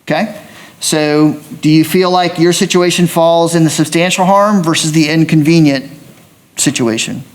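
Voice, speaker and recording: A man acting as a courtroom judge explains jury duty to prospective jurors in a measured, explanatory way. His voice is a little high and steady in tone.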